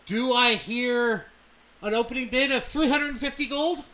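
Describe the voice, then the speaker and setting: A man voicing a showy male auctioneer selling magic items in a tabletop game, with grand, drawn-out sales patter. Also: very high-pitched, bright, forceful tone, dull audio, voice pushed up, heavily acted.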